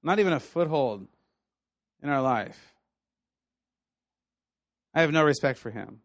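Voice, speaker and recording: A man preaching a sermon in a conversational, animated storytelling way, laughing now and then. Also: mid-range voice, a little slow, dry recording. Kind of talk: sermon teaching.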